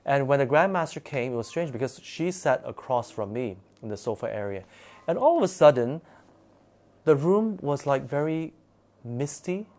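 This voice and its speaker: A man's voice: mid-range voice, lively intonation, moderate pace, a little mellow. A man telling a personal story in a casual, rambling way, full of fillers and restarts. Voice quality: rambling, filler-heavy delivery with frequent restarts.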